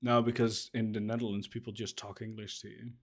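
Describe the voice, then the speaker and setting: A man's voice: lowish voice, little pitch movement, breathy edge. Playful man chatting with fillers. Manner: playful, laughs often, halting with fillers. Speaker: podcast co-host. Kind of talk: casual chat while co-writing.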